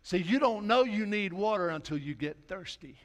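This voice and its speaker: Man, pastor, folksy sermon, slightly high voice, soft quoted asides. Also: lively intonation, moderate pace.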